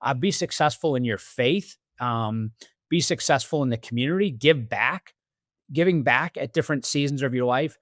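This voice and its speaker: A man's voice: medium pitch, moderate pace, no room sound, studio quality. A man as a podcast guest, telling stories and acting out quoted dialogue in a conversational interview. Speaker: podcast guest, business executive.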